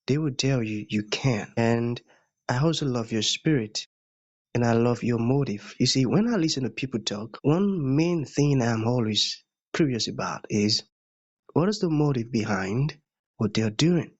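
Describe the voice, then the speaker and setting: A male podcast host with a husky, breathy voice praises his guest effusively before asking his questions. The audio is muffled and lo-fi. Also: mid-range voice, lively intonation, measured pace.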